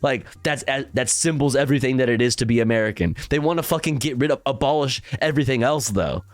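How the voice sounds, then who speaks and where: A man's voice: medium pitch, fast, no echo, studio quality. A man streaming, giving casual reaction commentary in a profane, sarcastic, rambling way full of fillers.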